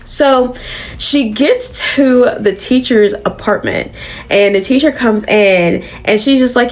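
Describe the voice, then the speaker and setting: Animated, foul-mouthed woman recapping a comic. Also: fairly high pitch, takes it slowly. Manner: animated, swears freely, acts out quotes. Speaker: comic book reviewer. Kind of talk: casual recap.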